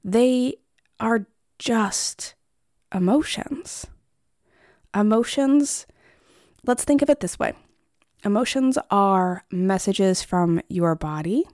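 A woman's voice: mid-range voice, slow, pauses often, darkish tone, dry recording, studio quality. A woman therapist hosting her own podcast, talking straight to the listener in a conversational way and calling them friend. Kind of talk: solo podcast talk.

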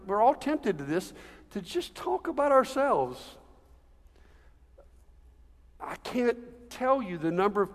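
A man preaching a sermon in a church, conversational, with slow emphatic phrases. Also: high voice, big-room sound. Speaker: pastor.

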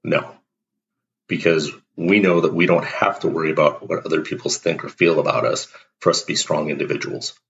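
A man's voice: a bass voice, steady tone, brisk, gravelly, fairly bright tone, slight background noise. A man hosting a motivational monologue, talking bluntly and emphatically and acting out everyday exchanges. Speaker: host. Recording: dull lo-fi recording.

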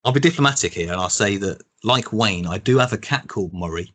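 A man's voice: fairly low pitch, lively intonation, quick pace, fairly bright tone. A man, a guest in a casual interview, rambling and chuckling through old memories. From Birmingham, England. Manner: rambling, restarts often, chuckles while telling stories.

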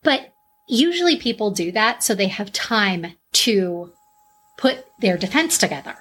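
A woman co-hosting a true-crime podcast, with a husky, mid-pitched voice. She talks bluntly and swears freely. Her delivery is loose and conversational. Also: big pitch swings, measured pace, a bit bright. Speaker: podcast co-host. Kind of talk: casual true-crime chat.

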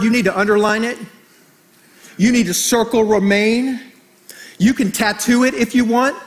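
High-voiced animated pastor man. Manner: animated, storytelling, jokes with the congregation. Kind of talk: sermon.

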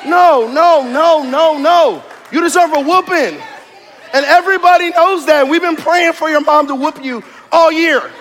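A pastor preaching in a strikingly high voice, loud and animated, mixing jokes with shouted emphasis. He drives points home through repetition and rising intensity. The sound carries the long, trailing reverb of a large church sanctuary. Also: measured pace, a faint crowd, a little hiss or hum. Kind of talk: sermon.

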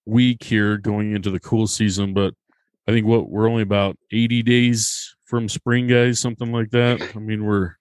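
Low-voiced man hosting a podcast. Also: little pitch movement, normal speed, a little mellow, clean tone, no echo. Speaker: podcast host.

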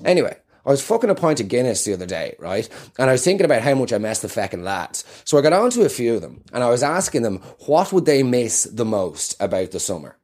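Animated Irish comedian ranting. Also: male voice, medium pitch, fast talker, hardly any pauses. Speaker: comedian and show host. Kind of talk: comedic monologue.

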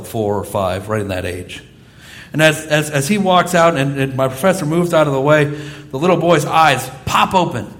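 A man preaches from the pulpit in a high voice that leaps up and down. He tells stories and acts out the lines of the people in them, animated throughout. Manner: animated storytelling, acting out quoted voices. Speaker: pastor. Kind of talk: sermon.

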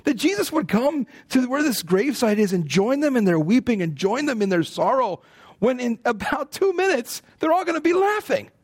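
A middle-aged man delivering a sermon from the pulpit. His voice sits fairly high, and he preaches in a chatty, easygoing way, slipping in playful asides and stories. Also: sing-song, normal speed, breathy edge. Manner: conversational, playful asides and laughs. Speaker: pastor.

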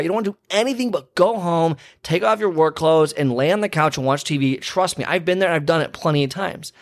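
A man who works as a personal trainer, giving a casual motivational talk with lots of fillers, restarts and repeated phrases. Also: on the high side. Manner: chatty, repeats himself, many fillers and restarts.

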